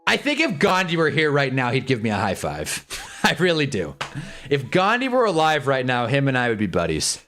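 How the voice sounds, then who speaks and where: Young guy in his 20s ranting on stream, pitch jumping all over, jokey, faint music behind. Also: fairly quick. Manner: animated, jokey, rambling with frequent laughs. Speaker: livestream host. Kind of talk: casual livestream rant.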